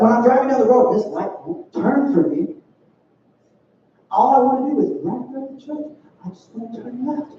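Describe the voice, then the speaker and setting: High-voiced young man preaching in roomy hall. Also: expressive, moderate pace. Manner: conversational, acts out quoted voices. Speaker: youth pastor. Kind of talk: sermon to a youth group. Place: church hall. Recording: far, dull and roomy hall sound.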